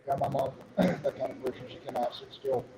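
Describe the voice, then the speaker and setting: Middle-aged man, swearing streamer telling loose stories, mid-pitched, noisy recording. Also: steady tone, brisk, creaky, echoey room. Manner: profane, rambling storytelling. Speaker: livestream host. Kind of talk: casual chat. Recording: noisy background.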